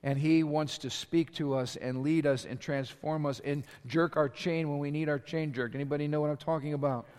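A male pastor preaches to his congregation, his voice sitting a little high for a man. He throws out rhetorical questions and pushes his volume up as he drives each point home. The sound carries the long reverb of a big hall. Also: fairly even intonation, normal speed, few pauses, darkish tone, clean tone. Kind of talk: sermon.

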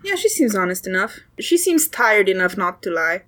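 A woman's voice: medium pitch, moderate pace. Brief: woman game master, casual tabletop narration. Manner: casual, relaxed.

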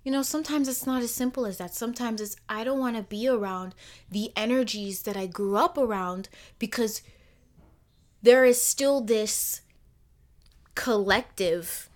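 A young adult woman of Caribbean origin hosting a podcast, talking in a personal monologue with emphatic rhetorical questions and soft near-whispered asides. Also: fairly high pitch, fairly quick. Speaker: podcast host.

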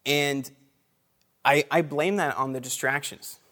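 A man's voice: a little high, steady tone, a little slow, pushed and bright. A man giving a casual, conversational sermon to a group, with frequent asides, fillers and little laughs between phrases. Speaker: preacher.

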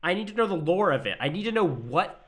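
A man co-hosting a casual movie recap podcast, talking in halting, emphatic bursts. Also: high voice, big pitch swings, a bit bright. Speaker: podcast co-host.

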